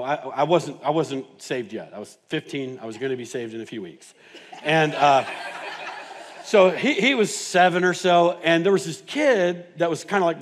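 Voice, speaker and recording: High-voiced preacher man, dynamic delivery. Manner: dynamic preaching, swings from hushed to loud and emphatic; humorous, self-mocking asides. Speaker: pastor. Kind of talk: sermon with personal storytelling. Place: church sanctuary.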